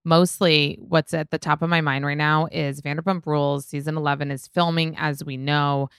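A young woman with an Israeli accent talks on her solo podcast, rambling and swearing with "like" at every turn. Her voice sits low with a gravelly fry. It is smooth and close, with a dry sound. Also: flat delivery, normal speed, a bit bright, no echo. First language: Hebrew. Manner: chatty, swearing, heavy use of "like". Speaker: podcast host.

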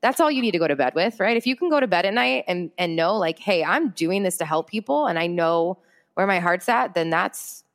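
A woman's voice: lowish voice, animated, fairly quick. A woman in her late twenties, an entrepreneur and speaker, talking candidly and expressively as a podcast guest, often laughing. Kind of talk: casual podcast conversation.

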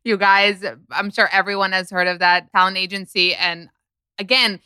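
Bright, crisp-voiced woman gossiping. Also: medium pitch, normal speed, no echo. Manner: chatty, animated storytelling with quoted asides. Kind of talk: casual gossip chat.

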